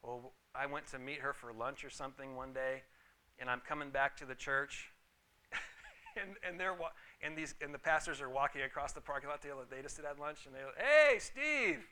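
Over poor audio, a middle-aged pastor delivers a conversational sermon, telling personal stories and calling for amens. His mid-range voice holds a steady, sharp tone and moves a little fast.

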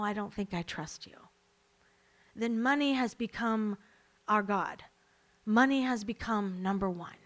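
A woman preaching a sermon to a church congregation, emphatic and repeating her key lines, then leading a prayer. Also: on the high side.

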